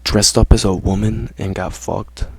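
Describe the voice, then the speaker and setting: A man's voice: lowish voice, steady tone, unhurried, gravelly, a little mellow, slightly rough, dry recording. A man ranting casually to his viewers in slangy, profane talk, saying "bro" constantly. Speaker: vlogger. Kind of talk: casual rant to camera.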